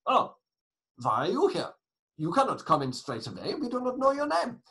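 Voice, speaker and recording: Sneering uniformed guard with a put-on German accent, played by a male teacher; loud, high, lively. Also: normal speed, gravelly, exaggerated voice. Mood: mocking. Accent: fake German.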